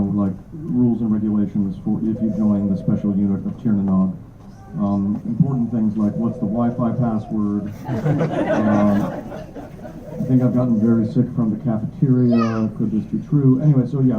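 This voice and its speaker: A man's voice: fairly low pitch, steady tone, moderate pace. Chatty, self-deprecating man, echoey tinny audio. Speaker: author at a book signing. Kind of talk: casual talk to an audience. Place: bookstore event room. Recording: echoey, tinny phone-like audio with faint noise.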